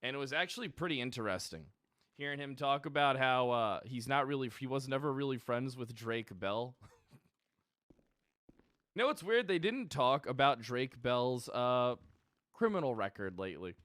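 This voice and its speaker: A man's voice: medium pitch, animated, normal speed, a bit bright, no echo, clean studio sound. A young man streaming a police role-play game, chatting casually to his viewers and rambling with plenty of swearing and laughter. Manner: rambling, profane, laughs often.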